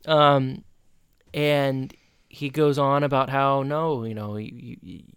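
Male podcast co-host in his own easygoing voice. Smooth, clean tone, close and dry, with mid pitch. Rambles as he recaps. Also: steady tone, takes it slowly, fairly bright tone, dry recording. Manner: rambling, restarts sentences while retelling scenes. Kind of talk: casual episode recap chat.

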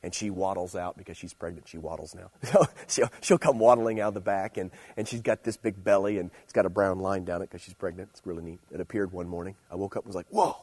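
A young man giving a relaxed, conversational sermon, telling stories about home life and then preaching with growing energy. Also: deep voice, fast talker, few pauses, husky. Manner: conversational storytelling, animated and playful when preaching. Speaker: youth pastor. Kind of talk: casual sermon.

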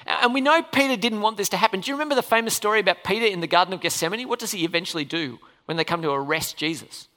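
A pastor preaching a sermon in a church hall, animated and full of questions for the congregation. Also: medium pitch, rapid-fire, few pauses. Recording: long reverb of a hall.

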